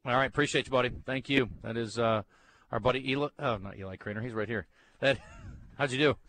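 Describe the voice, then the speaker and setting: Fast-talking bright-voiced male radio host. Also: mid-range voice. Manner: easygoing, quick banter. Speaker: radio sports talk host. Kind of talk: casual radio chat. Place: bookstore, live broadcast.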